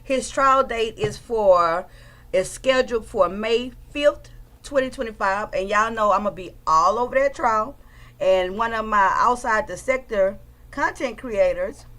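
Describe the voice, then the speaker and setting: A woman, chatting casually as host of a livestream, greeting viewers by name in an animated way. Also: a little high. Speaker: livestream host commenting on trial footage.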